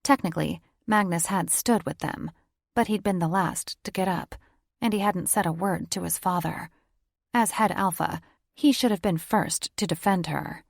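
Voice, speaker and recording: A woman narrates a paranormal romance audiobook in a steady storytelling voice. Her tone sits low with a gravelly, creaky texture. The recording is dry and close, with no room sound. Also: moderate pace, no echo. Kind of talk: scripted narration.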